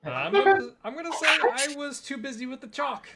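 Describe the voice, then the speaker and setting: A player in a tabletop game, speaking softly and hesitantly. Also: high voice, lively intonation, brisk, a crowd in the background. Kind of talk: casual tabletop game chat.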